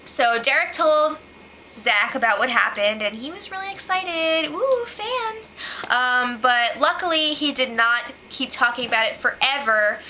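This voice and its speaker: Recapping a reality show, this young woman sounds high, sharp, and bright, keeping things casual and chatty. Sarcasm creeps in often, and "like" keeps slipping into her speech. The audio is poor, with a little hiss or hum.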